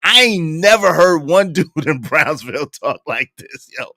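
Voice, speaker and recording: A young man with a Brooklyn accent, giving slangy, animated live-stream commentary and laughing often. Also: a little high, moderate pace, no room sound, studio quality. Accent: Brooklyn New York. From Brooklyn, New York. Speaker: streamer reacting to a show.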